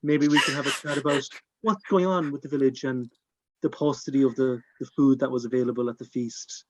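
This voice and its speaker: A man voicing a gentle male clan healer in a put-on Welsh accent, melodious and coaxing, with lots of hesitant fillers. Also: mid-range voice, fairly even intonation, a little fast, lightly acted. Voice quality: melodious, soothing.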